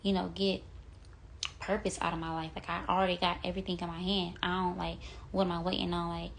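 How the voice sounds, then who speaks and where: A woman's voice: fairly low pitch, flat delivery, fast, gravelly, slight background noise. A young woman giving an earnest, rambling devotional talk into her phone, full of "like" and "you know". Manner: earnest, rambling, heavy use of 'like' and 'you know'. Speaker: vlogger sharing a devotional message.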